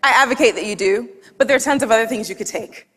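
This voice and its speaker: Woman telling a lively story in a reverberant hall. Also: a little high, quick pace, breathy edge. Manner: lively, humorous storytelling with quoted dialogue. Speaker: speaker. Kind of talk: storytelling talk. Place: large hall with audience.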